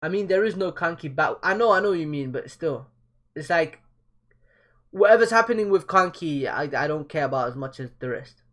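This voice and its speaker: Young guy reading manga live, kinda high voice, slangy jokey reactions. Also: animated, brisk, a bit bright. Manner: casual, joking, slangy asides.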